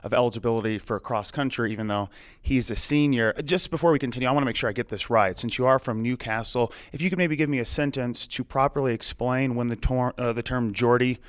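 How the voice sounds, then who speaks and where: A man's voice: mid-range voice, fast, no echo, clean studio sound. A man hosting a sports radio interview, asking playful, joking questions.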